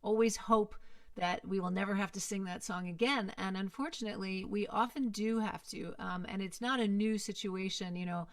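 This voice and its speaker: Woman songwriter guest, quick and earnest; dry, distant-sounding recording. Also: medium pitch, steady tone, dry recording. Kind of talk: conversational interview.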